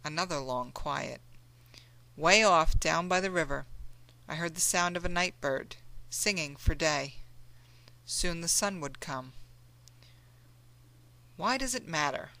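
A woman narrating an audiobook in a measured storytelling manner. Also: deep voice, vocal fry, pushed and bright, dry recording. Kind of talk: scripted narration.

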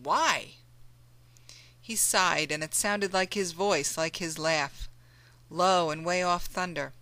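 A woman narrating an audiobook in a measured storytelling manner. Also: lowish voice, steady tone, sharp tone, no room sound. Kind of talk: scripted narration.

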